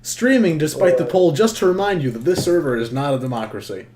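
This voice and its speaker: A man's voice: fairly high pitch, lively intonation, fairly quick, a little mellow. A man streaming while he edits, talking dryly and sarcastically and often dropping to mumbled asides. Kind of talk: casual chat while editing.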